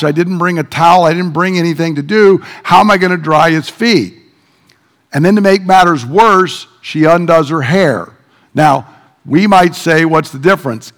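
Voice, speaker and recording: A man preaching a sermon, retelling a Bible story vividly and building emphasis as he goes. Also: fairly high pitch.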